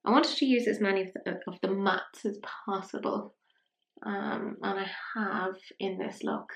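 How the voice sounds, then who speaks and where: A young woman talks through her makeup look in a chatty, self-mocking way, slipping into whispers as she blends. Her voice has a gravelly fry to it. The room rings with noticeable echo. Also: mid-range voice, normal speed. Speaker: beauty vlogger. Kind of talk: casual makeup tutorial chat.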